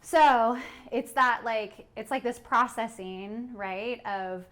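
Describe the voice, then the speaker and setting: A woman's voice: medium pitch, steady tone, normal speed. A woman co-hosting a parenting podcast, talking casually with many fillers and frequent laughs. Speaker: podcast co-host.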